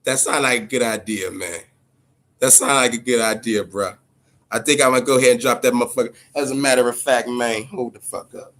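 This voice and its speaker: A man's voice: medium pitch, steady tone, fairly quick, fairly bright tone. A man hosting a casual boxing livestream, talking loosely and profanely, repeating himself and answering his chat viewers. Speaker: boxing show host.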